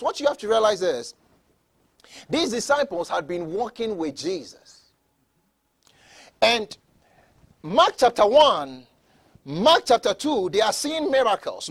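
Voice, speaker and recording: A man preaching a sermon, emphatic, with many repetitions and shouted peaks. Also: high voice. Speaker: pastor.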